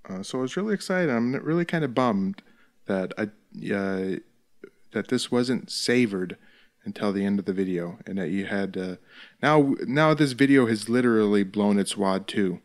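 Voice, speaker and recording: Man, thirties, show host, casual fight commentary, profane, laughs a lot. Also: on the low side. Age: 30s. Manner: joking, profane, laughs often.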